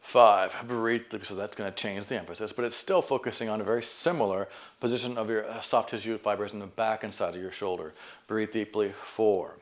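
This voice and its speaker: A man leading a stretch band exercise class, calmly counting down reps and cueing deep breaths. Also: brisk. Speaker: fitness instructor. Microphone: camera mic.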